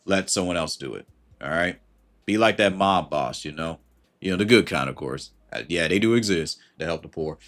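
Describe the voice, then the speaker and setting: A man's voice: sits low, animated, moderate pace, fairly bright tone. Slangy man giving casual livestream advice. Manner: conversational and slangy, greets chat viewers mid-thought.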